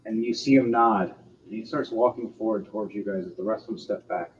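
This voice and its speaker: A man's voice: lowish voice, fairly even intonation, a little fast, a little hiss or hum. A man narrating as game master of a tabletop game, loose and full of ums and uhs. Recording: slightly dull, lo-fi sound with faint music behind.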